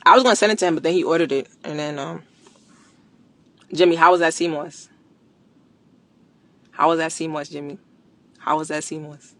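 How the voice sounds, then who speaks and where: A woman chatting casually on a live stream. She is animated, slangy and emphatic, repeats phrases for emphasis and laughs often. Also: deep voice, normal speed, long pauses, no room sound. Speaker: livestreamer promoting a product.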